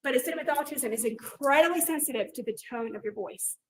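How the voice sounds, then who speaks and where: A woman in her forties, a teacher giving a workshop talk in a dynamic, animated way, sometimes loud. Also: high-pitched, fast talker. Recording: echoey room, distant mic, faint noise.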